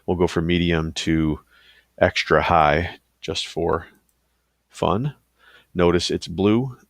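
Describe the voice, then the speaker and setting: Deep, gravelly man talking through a tutorial. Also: slow pace, no echo, studio quality. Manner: casual, loose, with fillers and asides. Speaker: teacher giving a software tutorial. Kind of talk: screen-recorded tutorial.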